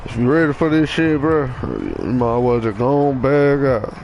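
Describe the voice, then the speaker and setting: A man's voice: medium pitch, very animated, normal speed, creaky, a little mellow, lo-fi sound, a little hiss or hum. A man, a football player caught on a mic during a game, taunting opponents with brash, profane trash talk.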